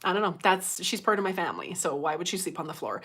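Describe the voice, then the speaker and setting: A woman's voice: on the low side, sing-song, fast, a bit bright, husky. A middle-aged woman chatting casually on a livestream, laughing often and reading out viewer comments. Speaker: livestream host.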